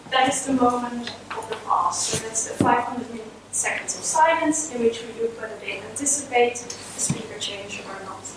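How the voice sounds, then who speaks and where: Woman presenter, high voice, halting delivery with fillers; distant mic with noticeable room noise. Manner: hesitant, with frequent fillers and apologetic asides. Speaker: conference presenter. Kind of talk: academic presentation. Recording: echoey hall from far off with noise.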